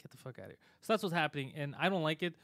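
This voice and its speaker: A man hosting a live show, giving a fast, opinionated rant full of swearing. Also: on the high side, fairly bright tone, dry recording. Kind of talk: casual live-stream chat.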